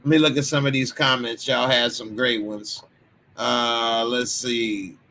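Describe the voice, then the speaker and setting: A man's voice: medium pitch, little pitch movement, unhurried, slight background noise. A man from Texas, hosting a casual commentary stream and chatting loosely through viewer comments in slang. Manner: loose, slangy, chatty asides with sudden loud bursts. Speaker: commentary channel host.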